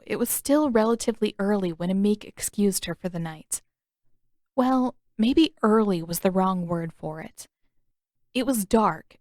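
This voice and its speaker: A woman's voice: medium pitch, a little mellow, dry recording. Woman narrating a story in a dry voice. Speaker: fanfiction author and podfic reader.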